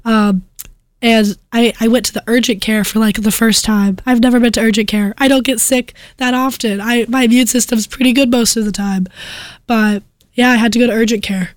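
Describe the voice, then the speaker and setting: A sick young woman hosting a student radio show, talking casually between songs in a soft, quiet voice and rambling with false starts. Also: fairly high pitch, fairly even intonation, normal speed, dry recording. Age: young adult. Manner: rambling, hesitant with restarts.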